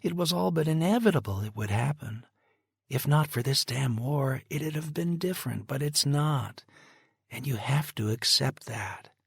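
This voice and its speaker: A man voicing an earnest middle-aged woman who gently but insistently pleads with a father. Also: medium pitch, expressive, moderate pace, gravelly, breathy edge, dry recording, clean studio sound, pitched above the performer's own voice, full character voice. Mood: firm.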